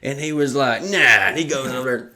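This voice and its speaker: Young male podcast co-host, excitable and profane, casual chat, mid-pitched voice. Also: fast.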